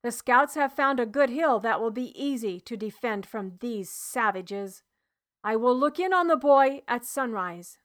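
A woman's voice: on the high side, animated, a little slow. A woman voicing a stern male Roman centurion who speaks in clipped, firm orders in an audiobook reading. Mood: firm, commanding.

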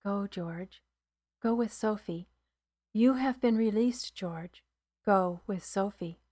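A woman reading the lines of a gentle woman who softly chants a farewell at a deathbed. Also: medium pitch, slow pace. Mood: hushed. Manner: soft, hushed chanting.

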